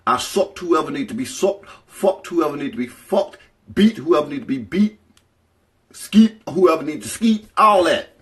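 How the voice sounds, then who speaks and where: A woman telling a personal story in a casual vlog, animated and profane, talking straight to her viewers. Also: low voice, moderate pace.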